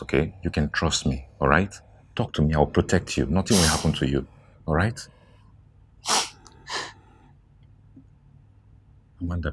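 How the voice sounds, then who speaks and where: A man's voice: a bass voice, breathy edge. An actor with a Nigerian accent playing a caring young man who pleads with and soothes a friend, repeating his words. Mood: pleading.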